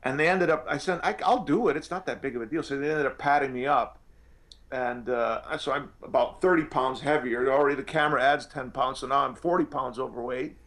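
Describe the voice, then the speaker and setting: A man's voice: mid-range voice, fairly quick, fairly bright tone. Rambling male actor telling stories. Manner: rambling, with many restarts and fillers. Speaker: actor guest. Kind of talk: anecdotal interview storytelling.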